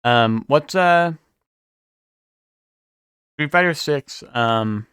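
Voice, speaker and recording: A man's voice: mid-range voice, animated, drawn-out words, a bit bright, smooth, no echo, studio quality. A young man streaming live, chatting casually and rambling as he answers his chat.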